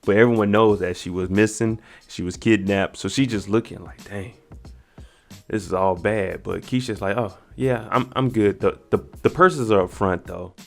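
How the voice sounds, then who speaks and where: A man casually recapping a TV episode, acting out the characters' lines in lively put-on voices. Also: fairly low pitch, moderate pace, gravelly, faint music behind. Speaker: show recap host.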